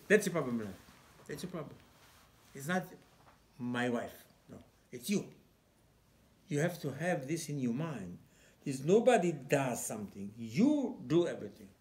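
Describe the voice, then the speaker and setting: A male rabbi giving an emphatic sermon, full of rhetorical questions and broken English. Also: fairly high pitch.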